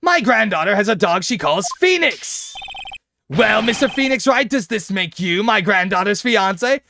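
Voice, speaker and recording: Man playing a villainous prosecutor, older, arrogant, dismissive, high animated voice. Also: moderate pace, gravelly, noisy background. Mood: scornful. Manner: scornful, dismissive.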